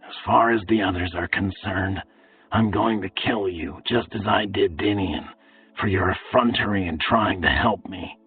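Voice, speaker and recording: A man voicing a gruff, brutal male slave overseer who talks in a low, menacing whisper. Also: a little slow. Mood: hushed urgent. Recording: tinny phone-like, distant, faint music.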